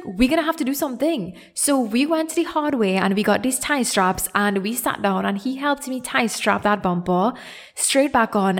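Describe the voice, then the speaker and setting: A young woman with a Trinidadian accent, hosting a podcast and telling a story in a casual, animated, self-deprecating way. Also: medium pitch. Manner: animated, self-deprecating, acts out quoted voices. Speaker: podcast host.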